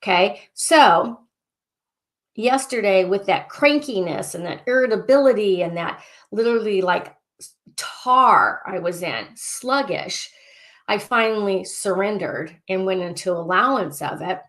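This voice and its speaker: A woman life coach leading a casual group session, excitable and talking in loops, often repeating phrases and clearing statements. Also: mid-range voice, measured pace.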